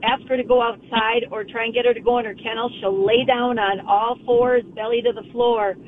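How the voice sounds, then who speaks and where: A woman calling in to a radio show, explaining her problem in a hesitant, halting way over the phone. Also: a little high, steady tone. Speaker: caller. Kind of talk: phone-in question. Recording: tinny phone line, faint vehicle noise.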